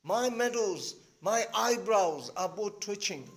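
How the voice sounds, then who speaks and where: A nervous young suitor who frets over his racing heart, read aloud by a man. The voice sits fairly high and complains in a worried tone. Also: animated, slow, fairly bright tone, exaggerated voice. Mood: fretful. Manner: fretful, complaining. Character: nervous, hypochondriac young male landowner suitor.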